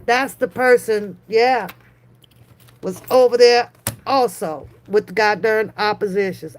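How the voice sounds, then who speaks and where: Slow, taunting woman streamer. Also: mid-range voice, slight background noise. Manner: taunting, laughs often, drawn-out teasing repeats; profane, slangy street talk. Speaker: livestream host. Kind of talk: mocking reaction commentary.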